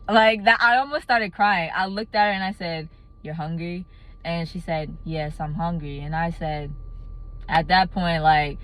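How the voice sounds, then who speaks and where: A young adult woman telling a casual storytime vlog, animated and laughing often. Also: lowish voice. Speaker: vlogger.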